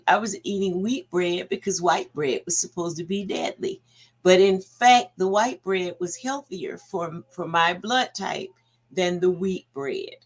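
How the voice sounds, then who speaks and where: A woman hosting a talk show, summing up her guest's points and adding her own experience. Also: lowish voice. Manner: reflective, sums up and adds her own story.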